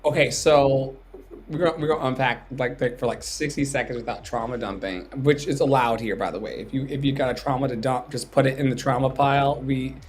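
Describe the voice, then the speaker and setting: A man's voice: medium pitch, steady tone, fairly quick, a little hiss or hum. A man hosting a casual livestream chat, playful and joking as he reads from his notes. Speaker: podcast host.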